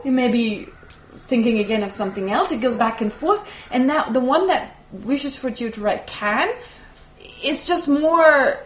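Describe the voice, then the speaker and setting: A woman whose first language is German, teaching a Buddhist class and answering questions in a lively, explanatory way. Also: high-pitched. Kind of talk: teaching with audience Q&A. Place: teaching hall with audience. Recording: echoey room, faint noise.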